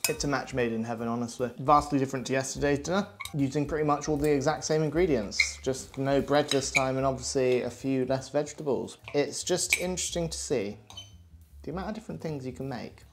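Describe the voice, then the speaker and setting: A man's voice: mid-range voice, fairly quick, noisy background. A man chatting casually and cheerfully through a cooking vlog, poking fun at himself. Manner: chatty, upbeat, self-deprecating. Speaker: vlogger.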